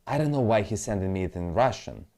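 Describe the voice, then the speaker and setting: A man's voice: fairly low pitch, animated, quick pace, a little mellow. A man talking casually through crypto charts as a trading analyst, rambling and muttering to himself in non-native English, with the odd swear.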